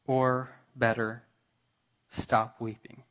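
A man preaching a sermon to his church, slow and deliberate, building to emphatic, raised passages and dropping to quiet ones. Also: medium pitch, flat delivery. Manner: slow, with long pauses, rising to emphatic peaks. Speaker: pastor.

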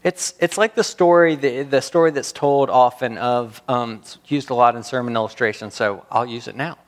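A man preaching a sermon, animated and building to emphatic peaks, often restarting his words as he goes. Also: mid-range voice, normal speed. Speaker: pastor. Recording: reverberant hall.

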